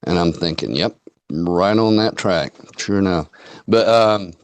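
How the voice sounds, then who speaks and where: A man's voice: sits low, unhurried, no room sound. A man hosting a casual online chat, telling folksy stories and acting out what people said. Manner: folksy storyteller, quotes people in dialogue.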